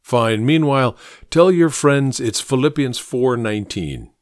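A weary bishop speaks from a hospital bed, slow and intoning, as a male narrator voices him. His voice is dry and close. It rises and falls with some life. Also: mid-range voice, expressive, no room sound, lightly acted. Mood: measured. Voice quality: tired, intoning. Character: weary, smooth-talking older male bishop.

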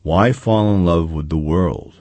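A man reading a story aloud at a measured, steady pace, saying "quote" and "end quote" around each line of dialogue. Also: deep voice, no room sound. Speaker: narrator. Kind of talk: audiobook reading.

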